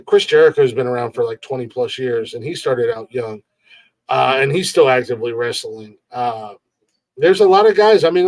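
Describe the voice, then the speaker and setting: A man's voice: mid-range voice, darkish tone. A man co-hosting a casual podcast, talking with lots of swearing and laughter. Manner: profane, rambling, laughing often. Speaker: podcast co-host.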